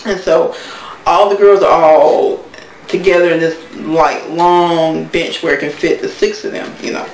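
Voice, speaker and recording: Woman vlogger, blunt and gossipy casual recap, a bit of fry, recorded off-mic. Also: fairly low pitch, fairly even intonation, measured pace, a little mellow, far from the mic, slight background noise. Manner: blunt, gossipy, talks straight to viewers. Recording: echoey room, voice from off-mic.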